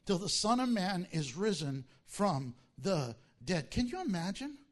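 A high-pitched male pastor preaches a sermon with animation, acting out the disciples' voices as he tells the story.

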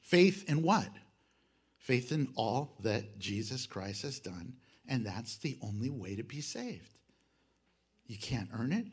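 A man preaching a sermon, animated, acting out quoted voices and swinging between loud and soft. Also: medium pitch, takes it slowly, husky. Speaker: pastor.

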